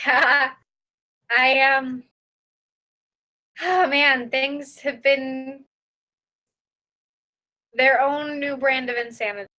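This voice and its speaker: A woman's voice: high voice, steady tone, extremely slow, pauses often, sharp tone, exaggerated voice. A woman voicing Laura, a nervous young woman on an awkward dinner date, hesitant and giggly. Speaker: player voicing her character. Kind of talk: improvised tabletop role-play.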